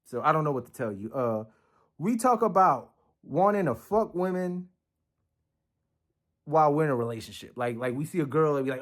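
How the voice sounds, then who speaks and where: A man's voice: on the high side, expressive, fairly quick, fairly bright tone. A man giving casual reaction commentary on a video, blunt and profane, often acting out quoted lines. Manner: acts out other people's lines in quoted voices.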